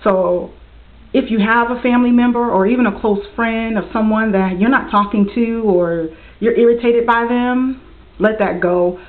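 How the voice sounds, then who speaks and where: A young woman earnestly sharing a heartfelt personal message in a vlog, speaking with faith and warmth. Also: fairly high pitch, normal speed. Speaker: vlogger. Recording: tinny, phone-like lo-fi audio.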